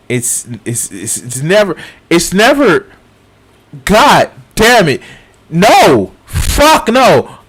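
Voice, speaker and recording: A man's voice: fairly high pitch, fairly bright tone. A man in his thirties giving a casual reaction commentary, swearing often, laughing and repeating himself. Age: 30s. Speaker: streamer reacting to a video.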